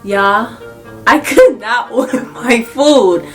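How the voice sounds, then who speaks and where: A young adult woman telling a casual story-time vlog, animated and laughing a lot as she talks. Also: a little high, slow, soft background music. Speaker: vlogger.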